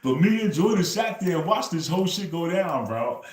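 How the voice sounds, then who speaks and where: A man's voice: on the high side, expressive, moderate pace. Man chatting loosely in a roomy space. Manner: loose storytelling, says "bro" after nearly every phrase. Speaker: livestream host. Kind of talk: casual livestream chat.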